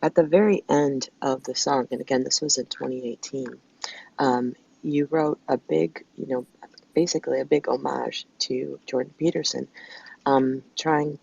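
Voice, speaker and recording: A caller with a strongly gravelly voice speaks quickly and earnestly. The voice is rough and husky. The muffled, lo-fi sound dulls it. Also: mid-range voice, steady tone, a little mellow. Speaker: audience caller. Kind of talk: casual conversation. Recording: muffled lo-fi audio.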